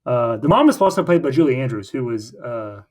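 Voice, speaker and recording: Lively, rambling man recapping a film. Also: medium pitch, a little fast. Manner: rambling recap with frequent fillers and restarts. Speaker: podcast co-host. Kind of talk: casual film podcast chat.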